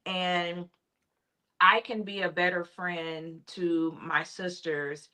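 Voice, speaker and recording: A woman's voice: lowish voice, level tone, slow pace, pushed and bright. A woman, a choir director guest, talking casually and encouragingly with preacherly emphasis. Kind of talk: casual conversational chat.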